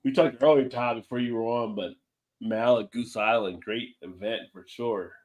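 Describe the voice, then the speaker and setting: A man's voice: medium pitch, steady tone, normal speed, slight background noise. A man hosting a casual live-stream chat over a video call, joking around a little buzzed and reading out viewer comments. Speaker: host.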